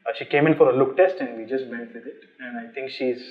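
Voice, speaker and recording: A man's voice: mid-range voice, very fast. A male film director, telling stories in a casual interview with frequent laughter. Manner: animated storytelling with laughter. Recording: slightly muffled audio.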